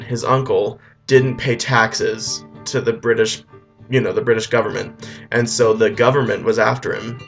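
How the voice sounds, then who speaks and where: A man's voice: medium pitch, gravelly. Rambling offhand man retelling a story. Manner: rambling, offhand, with filler restarts. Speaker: comic storyteller. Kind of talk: comic plot retelling.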